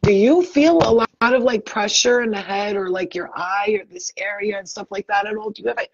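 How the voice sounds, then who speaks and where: A woman psychic medium talks through a live video-call reading in a rapid, chatty and blunt way, swearing freely. Her voice has a slightly husky edge. The sound is dull and lo-fi, with a dry, close feel. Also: medium pitch, no echo.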